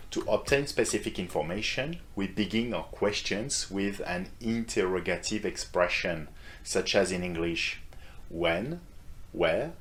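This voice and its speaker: A man teaching a language lesson, explaining clearly and asking learners to repeat after him. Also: fairly low pitch. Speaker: French teacher.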